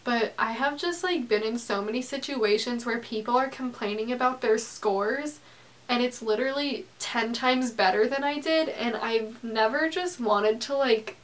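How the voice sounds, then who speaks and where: A woman's voice: on the high side, normal speed. A seventeen-year-old girl talking candidly in a confessional vlog, earnest and full of "like". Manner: earnest, fillers of "like". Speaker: vlogger.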